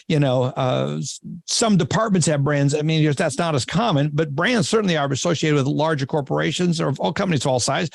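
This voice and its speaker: Gravelly enthusiastic guy from minnesota hosting a podcast, dry close sound. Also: on the high side, no room sound. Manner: enthusiastic, chatty. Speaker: podcast host. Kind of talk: casual interview chat.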